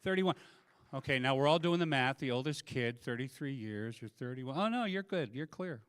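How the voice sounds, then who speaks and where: Middle-aged man, stand-up comic, self-deprecating, handheld mic, bright tone. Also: mid-range voice, normal speed, smooth. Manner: self-deprecating, animated storytelling. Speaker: stand-up comedian. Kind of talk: stand-up comedy set. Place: live comedy stage. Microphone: handheld microphone.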